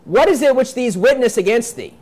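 A man preaches a sermon in a very high-pitched, animated, fairly quick and slightly mellow voice. He reads scripture aloud and explains it in plain, emphatic terms, repeating his points and acting out quoted voices.

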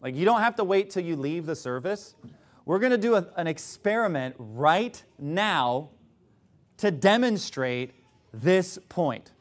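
A male preacher delivers a sermon with sarcastic emphasis. His voice sits high and moves animatedly up and down. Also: expressive, a little slow.

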